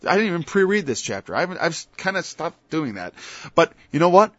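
Guy preaching a sermon, kinda high voice, dull lo-fi sound, quiet asides then loud bible lines. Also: sing-song, fast, dry recording. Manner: quotes scripture in old-fashioned wording. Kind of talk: informal sermon.

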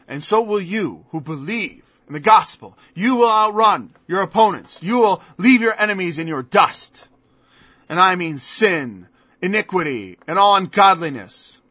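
A man's voice: sits high, animated, moderate pace, bright, forceful tone, dry recording. A man preaching a sermon in an emphatic style, firing off mocking rhetorical questions. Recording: dull lo-fi dry recording.

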